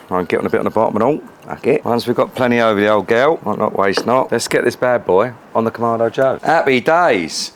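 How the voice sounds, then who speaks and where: A man's voice: medium pitch, slight background noise. A man chatting cheerfully as he cooks outdoors, joking and swearing a lot. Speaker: cooking vlogger. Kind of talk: casual cooking chat to camera. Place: outdoors at a grill.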